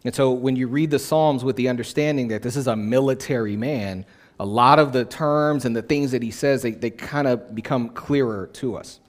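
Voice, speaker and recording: A man's voice: mid-range voice, moderate pace. A male pastor preaching a sermon in a conversational way, repeating phrases for emphasis.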